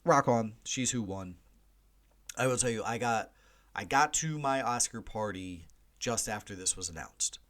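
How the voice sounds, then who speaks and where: A man's voice: on the low side, expressive, a little slow, fairly bright tone. A man hosting a movie podcast, talking casually and animatedly, with chatty jokey asides and big swings for emphasis. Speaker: podcast host.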